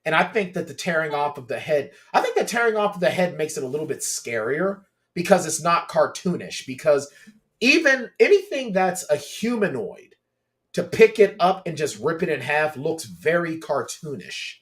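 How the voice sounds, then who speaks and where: A man's voice: on the high side, moderate pace. Man retelling scenes with animation. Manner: animated storyteller, acts out scenes. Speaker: podcast co-host. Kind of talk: casual chat.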